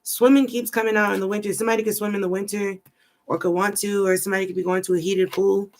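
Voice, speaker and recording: A woman's voice: medium pitch, little pitch movement, fast, a little mellow. A woman giving a rambling, chatty tarot card reading, thinking aloud as she goes. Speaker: tarot reader.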